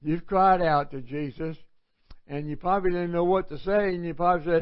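A man teaching a live Bible study in a folksy, conversational preaching manner, with sudden loud cries. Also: high voice, moderate pace. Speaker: pastor. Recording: dull, lo-fi livestream audio.

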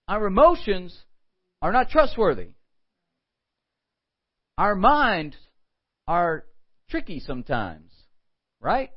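A man preaching a morning sermon, animated, with quoted asides and frequent rhetorical questions. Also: sits high, highs cut off. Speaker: pastor.

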